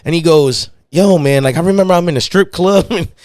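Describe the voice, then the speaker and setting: A man's voice: fairly high pitch, brisk, no room sound, clean studio sound. A man hosting a podcast, telling a raunchy story in casual chat, laughing and swearing as he goes. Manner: laughs through his own story, profane, animated. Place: podcast studio.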